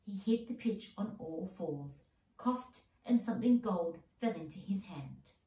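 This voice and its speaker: Woman reader, storybook narration, mellow tone, distant roomy mic. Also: on the low side, lively intonation, unhurried. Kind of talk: storybook reading.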